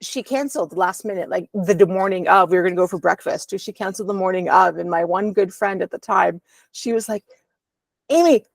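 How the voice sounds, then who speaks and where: A woman's voice: fairly low pitch, fast talker, creaky, no room sound. A woman, a podcast guest, candidly telling a personal story at home over a video call, with a rambling flow and frequent ums.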